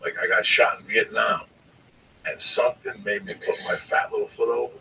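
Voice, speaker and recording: A man telling a long, profane, animated story on a podcast, often calling his listener by name. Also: on the low side, moderate pace, vocal fry, far from the mic, a little hiss or hum, low-quality recording. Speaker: storyteller guest.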